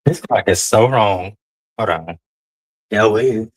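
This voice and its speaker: A man's voice: lowish voice, a little slow, dry recording. A man hosting a casual livestream, talking in a sassy, drawling way and calling his listeners honey and child. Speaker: livestream host.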